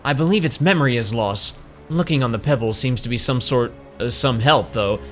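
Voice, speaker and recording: A man voicing a calm, solemn woman of the wood, speaking low and slow. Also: faint music behind, lightly acted. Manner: low, slow, hushed and measured.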